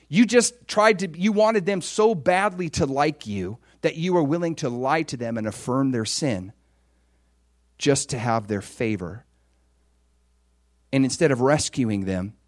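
A man preaching a sermon in a conversational, animated way, swinging from loud exclamations to hushed, near-whispered lines and acting out quoted voices. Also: on the high side. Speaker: pastor.

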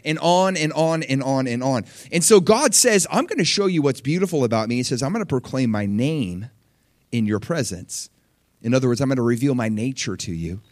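A young man preaching a sermon in a conversational, animated way, acting out quotes and asking the congregation questions. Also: a little fast, no echo, clean studio sound. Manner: animated, conversational, acts out quotes with big pitch leaps.

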